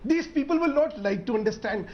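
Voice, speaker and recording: A man's voice: extremely high pitch, expressive, brisk, lo-fi sound. A man with an Indian English accent, a politician arguing insistently in a televised debate, pushing to finish his point. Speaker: politician guest. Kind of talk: heated TV debate.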